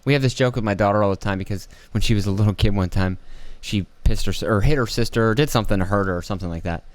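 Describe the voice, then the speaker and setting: A man's voice: lowish voice, very fast, no room sound. Middle-aged man, podcast host, sarcastic rambling rant, swears a lot, dry close sound. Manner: profane, sarcastic, mimics people in mocking voices.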